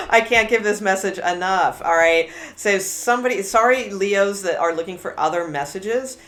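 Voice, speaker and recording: A woman's voice: mid-range voice, measured pace, a bit bright, faint music behind. A woman doing a live tarot reading, candid and blunt, rambling through many restarts. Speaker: tarot reader.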